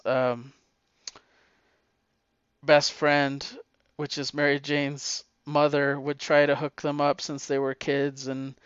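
A man's voice: medium pitch, fairly bright tone, clean tone, no echo. A man casually recapping a comic book, getting emotional and choking up as he talks. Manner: emotional, chokes up while recounting. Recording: dull lo-fi recording.

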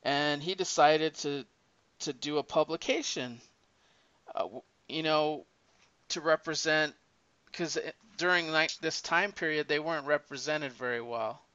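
Man, casual chat, rambling animated storyteller, smooth resonant voice, slightly high, dry dull lo-fi sound. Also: measured pace, no room sound. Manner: rambling, animated storyteller with frequent restarts and laughs. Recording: dull lo-fi recording.

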